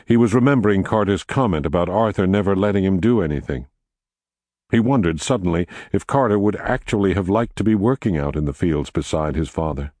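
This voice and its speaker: A man narrating a novel in a measured storytelling manner, recorded on a close mic. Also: no room sound. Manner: measured storytelling with expressive pitch. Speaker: audiobook narrator. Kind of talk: scripted narration.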